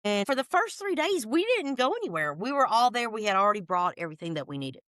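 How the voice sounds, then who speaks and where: Podcast guest, woman, excited storyteller, dry close mic. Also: a little high, quick pace, dry recording. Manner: lively, folksy, talks in bursts with restarts. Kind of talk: animated storytelling chat.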